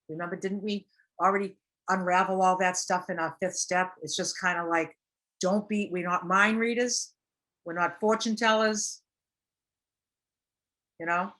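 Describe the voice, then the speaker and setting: A woman's voice: on the low side, a bit bright. A woman giving a casual teaching talk on recovery, earnest and plain, acting out little example quotes as she goes. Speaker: recovery speaker.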